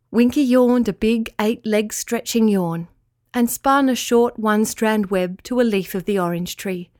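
Woman, bedtime story narration, soft and gentle, dry close sound. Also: fairly high pitch, unhurried, dry recording.

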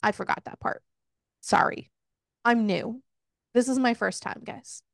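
A woman's voice: on the high side, a little slow, creaky, no echo, clean studio sound. A woman co-hosting a podcast, casually retelling a book's plot with lots of swearing and laughter. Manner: animated retelling with profanity and laughs. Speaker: podcast co-host. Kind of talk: casual book recap chat.

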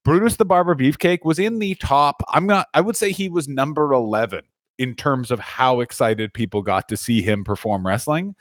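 A man's voice: medium pitch, moderate pace, no room sound. Man from Canada, crude rambling podcast banter, dry close mic. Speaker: podcast co-host. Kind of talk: casual comedic chat. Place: corner of his living room.

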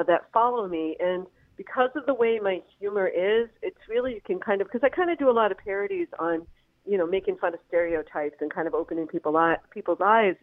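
A woman comedian talking down a tinny, phone-like line, mid-pitched and chatty. She rambles through her stories with plenty of ums and you-knows, laughing as she goes. The sound is dry and close, with no room around it. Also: no room sound. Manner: rambling, lots of fillers, laughs often. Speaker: comedian guest. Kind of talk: phone-in interview.

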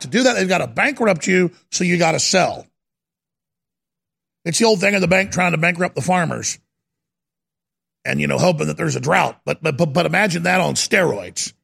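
Talk radio host guy, super gravelly, high voice, heated rapid ranting. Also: a bit bright. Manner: heated, emphatic, rapid-fire rant. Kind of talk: political talk radio monologue.

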